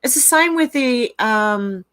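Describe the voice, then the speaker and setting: A woman's voice: a little high, expressive, takes it slowly, a bit bright. An Australian woman hosting a casual livestream, reading viewers' comments aloud and chatting about them with frequent laughs. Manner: chatty, reads chat messages aloud, laughs often. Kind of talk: casual live-chat.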